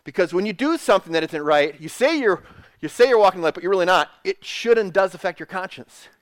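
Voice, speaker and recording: A man's voice: sits high, lively intonation, fast, dry recording. A man preaching a sermon, earnest and emphatic, repeating phrases and restarting mid-thought. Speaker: pastor.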